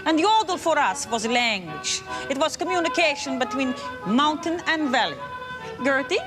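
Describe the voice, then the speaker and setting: Herty, a woman playing a deadpan Swiss yodelling goat-herder. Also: high-pitched, moderate pace. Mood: earnest. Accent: put-on Swiss German. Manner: broken English, earnest deadpan storytelling. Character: cheerful Swiss mountain yodeller woman with goats. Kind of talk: comedy sketch acting. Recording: archive clip with loud music behind.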